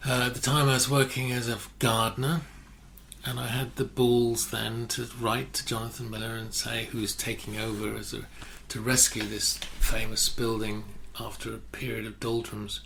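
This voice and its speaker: An older man, a photographer telling stories in a relaxed interview, often restarting his sentences. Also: medium pitch, moderate pace, vocal fry, a little hiss or hum. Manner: anecdotal, self-correcting, many restarts. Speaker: guest photographer. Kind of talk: casual interview chat.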